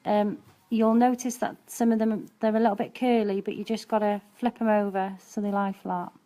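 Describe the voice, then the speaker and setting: A woman's voice: mid-range voice, level tone, moderate pace, warm tone. A woman nail technician and educator giving a chatty, practical live-streamed nail art demonstration, with frequent ums as she works.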